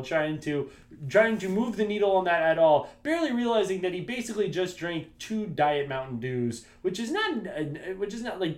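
A man's voice: on the high side, reverberant. A man co-hosting a podcast in casual banter, rambling and circling back with filler phrases, often laughing. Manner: rambling, keeps saying "what's it called", laughs a lot. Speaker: podcast co-host.

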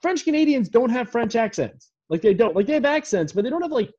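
Excitable rambling man on a podcast. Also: very high-pitched, fast talker, highs cut off. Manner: excitable, rambling, mock-indignant. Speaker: podcast guest. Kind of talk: casual podcast chat.

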